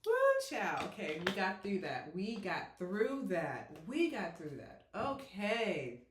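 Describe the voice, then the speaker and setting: A young woman reacting to a film on camera, loud and full of curses. Her pitch leaps all over the place and she talks at an unhurried pace. Her voice rings around an echoey room. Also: big pitch swings, background noise. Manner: loud, exclaiming, heavy cursing. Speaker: movie reaction channel host. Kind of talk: emotional movie reaction commentary.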